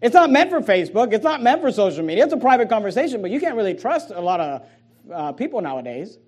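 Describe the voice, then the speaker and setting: A pastor delivering a sermon in a notably high voice for a man. He stumbles and repeats words, then drops low and quiet before rising into loud, emphatic lines. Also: very animated, fast talker, breathy edge. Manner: emphatic preaching with frequent repeated words and restarts; swings between soft low asides and loud raised emphasis.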